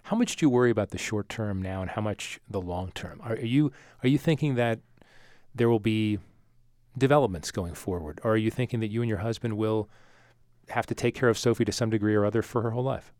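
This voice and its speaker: Low-voiced male radio host. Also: a little fast, a little mellow, dry recording, studio quality. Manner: conversational, probing questions. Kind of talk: radio interview. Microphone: studio mic.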